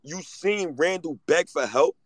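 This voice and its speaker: A man in his thirties hosting a podcast, excitable and profane, with big swings in pitch and loudness. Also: measured pace, no room sound, low-quality recording. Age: 30s. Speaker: podcast host. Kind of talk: casual chat.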